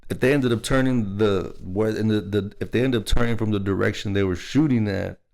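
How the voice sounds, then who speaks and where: A young man from Texas rambles through a personal story, speaking a little fast in a fairly low, creaky, darkish voice. He's casual and laughs as he goes, filling his talk with "like" and "you know what I mean."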